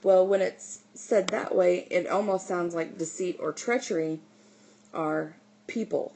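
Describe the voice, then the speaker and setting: Low, gravelly woman teaching writing. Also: a little slow, darkish tone, slight background noise, rough recording. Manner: explanatory, with frequent "okay" and "um". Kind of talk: recorded writing lesson.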